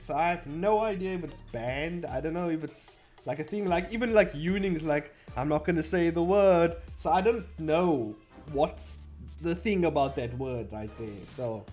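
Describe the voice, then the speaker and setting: Young dude rambling on stream, cusses a lot, kinda high voice. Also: male voice, darkish tone. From South Africa. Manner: rambling, blunt, swears freely, laughs often. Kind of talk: casual livestream chat.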